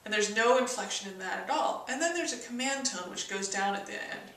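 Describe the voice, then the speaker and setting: A woman's voice: medium pitch, animated, fairly quick, fairly bright tone, roomy sound, far from the mic, rough recording. A woman teaching persuasion in an instructional video, stopping often to act out the tone of example sentences. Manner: demonstrates tone shifts in example sentences.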